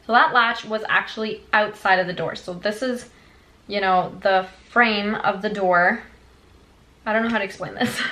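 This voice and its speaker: A young woman vlogger telling a childhood story in a chatty, animated way, full of fillers. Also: medium pitch, rough recording. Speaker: beauty vlogger. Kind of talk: storytime vlog.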